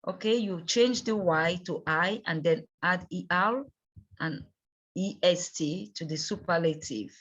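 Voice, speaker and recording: A woman teaching English grammar in a bilingual lesson, slow and patient, repeating words and checking in with "okay?". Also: on the low side, fairly bright tone, breathy edge. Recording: dull lo-fi recording.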